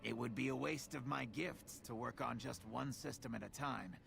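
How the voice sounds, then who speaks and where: An actor voicing a proud, neurotic male ghoul engineer in a video game, with a gravelly voice and a touchy, sardonic manner. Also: normal speed, background noise. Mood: earnest. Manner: proud and touchy, swings to shrill outrage.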